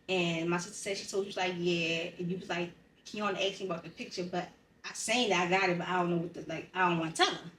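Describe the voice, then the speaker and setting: A woman's voice: mid-range voice, a bit bright, a little hiss or hum. A woman on a podcast, telling a painful story in a blunt, profane, emotionally raw way. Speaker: podcast co-host. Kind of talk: candid personal conversation. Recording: roomy sound, distant from the mic.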